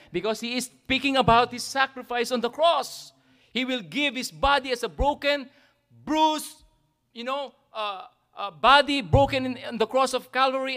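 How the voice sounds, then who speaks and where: Preaching a sermon in a very high voice, this pastor speaks with a Filipino accent and lively energy. He keeps punctuating his points with "isn't it?" and "amen?".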